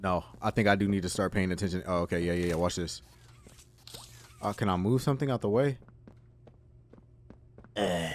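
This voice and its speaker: A man giving excitable, profane let's-play commentary as he plays a game, yelping and shouting when startled. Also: lowish voice, normal speed, long pauses. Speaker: gaming video host.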